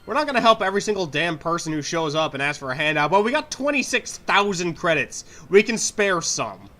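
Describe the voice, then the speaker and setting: A man's voice: on the high side, sing-song, brisk, bright, forceful tone. Rambling, swearing young gamer man. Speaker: let's play gamer. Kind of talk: casual gameplay commentary.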